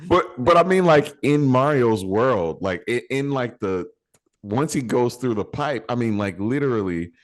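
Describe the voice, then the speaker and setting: A man co-hosting a podcast, chatting casually about movies, animated and swearing freely. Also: medium pitch, a little slow. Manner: animated, swearing, mock New York voices. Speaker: podcast co-host.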